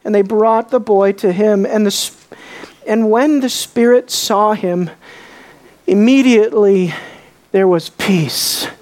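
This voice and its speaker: A woman preaching a sermon. She asks the congregation rhetorical questions and swings between soft, low asides and raised exclamations. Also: slow.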